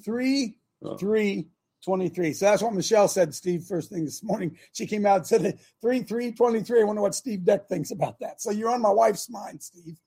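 A man hosting a talk show in a casual, opinionated way, animated, with loud bursts and repeated phrases. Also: sits high, moderate pace, gravelly, husky. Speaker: host.

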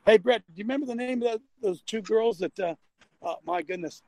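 A man's voice: high-pitched, fairly quick, a little mellow, no echo, rough recording. An older man hosting a casual call-in talk show, rambling and folksy with frequent restarts, talking from a vehicle.

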